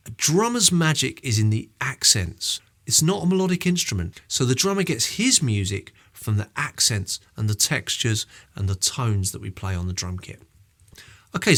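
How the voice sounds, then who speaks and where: A man explaining drum technique in a friendly online lesson. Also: mid-range voice. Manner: friendly, explanatory, lively delivery. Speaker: drum teacher.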